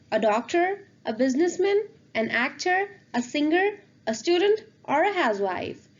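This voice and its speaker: Woman teacher, fairly high voice, slows way down on the french words, kinda dull lo-fi sound. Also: a little mellow. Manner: slow, careful pronunciation of French words. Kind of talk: scripted language lesson.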